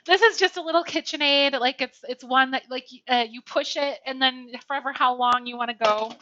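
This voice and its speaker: Bubbly high-voiced woman streaming from her kitchen. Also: brisk. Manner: bubbly, chatty, warmly greets chat by name. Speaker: Twitch streamer. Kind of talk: casual livestream chat while baking. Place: home kitchen. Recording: slightly dull lo-fi stream audio, faint music.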